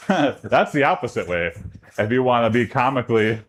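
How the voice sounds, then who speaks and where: A man from Texas, chatting casually with his livestream chat during a workout. His talk rambles, and his voice jumps up in pitch when he gets excited. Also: moderate pace. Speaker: streamer.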